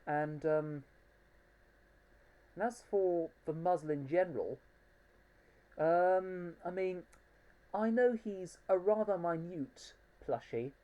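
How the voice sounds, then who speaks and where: Slow, low-voiced woman reviewing a toy. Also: warm tone, muffled recording. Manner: hesitant, many ums and restarts, fond. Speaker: reviewer of plush toys. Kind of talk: casual home video review.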